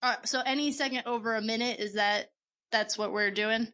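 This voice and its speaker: A woman co-hosting a casual home podcast, her voice bright and a touch high. She talks in a chatty, self-mocking way, full of little jokes, on a clean, good microphone. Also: steady tone, a little fast. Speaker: podcast co-host. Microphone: quality home microphone.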